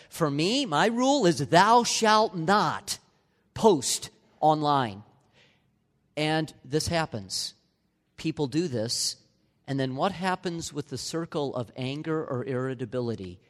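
A middle-aged male pastor delivers a sermon with a lively, swooping delivery, his voice sitting a little high for a man. He bursts into small acted-out voices now and then. The sound rings with a long hall reverb. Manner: animated, acts out voices.

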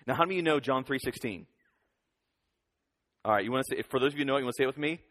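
A man in his thirties giving a lively children's sermon, leading the kids in call-and-response. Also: mid-range voice, rapid-fire. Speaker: children's pastor. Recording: long hall reverb.

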